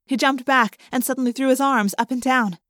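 Dry, expressive audiobook narrator, a woman. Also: brisk, no room sound. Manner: expressive, lifting pitch for dialogue. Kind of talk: audiobook reading.

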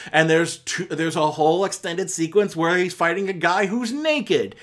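A man's voice: sits high, normal speed, fairly bright tone. A man giving a casual spoken film review on a podcast, rambling and self-correcting with many fillers and exasperated asides.

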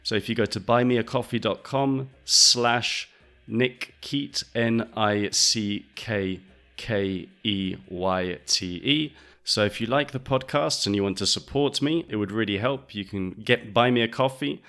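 A male podcast host teaching English with a fairly low voice. He is patient and methodical, explaining step by step and repeating phrases slowly so learners can follow. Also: a bit bright.

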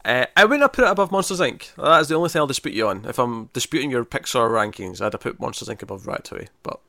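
A man's voice: mid-range voice, lively intonation, fast, creaky, sharp tone, no room sound, studio quality. A man co-hosting a casual movie-ranking chat, talking enthusiastically, laughing often and restarting his sentences. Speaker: podcast co-host ranking movies.

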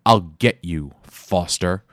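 An icy, vengeful young hero who speaks in clipped, menacing lines, as a male narrator puts him on. The voice is deep and grim. The recording is dry, with no room around it. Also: a little slow, no room sound.

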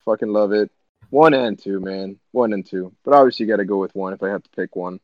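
Young man, excitable casual chat, swears, muffled lo-fi, dry. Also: on the low side, quick pace, no room sound. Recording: slightly dull sound.

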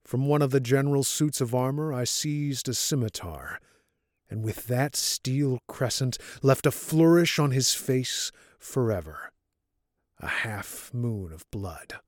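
A man's voice: medium pitch, expressive, unhurried, no echo, clean studio sound, close to an everyday voice. A man reading as a scarred, guilt-ridden confessor. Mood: grave confession. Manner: grave, intense confession.

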